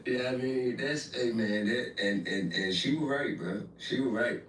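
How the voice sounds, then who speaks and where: A man hosting a casual interview, reacting with quick, lively remarks and laughter. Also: mid-range voice, a little hiss or hum. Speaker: interview host. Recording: echoey room, distant from mic.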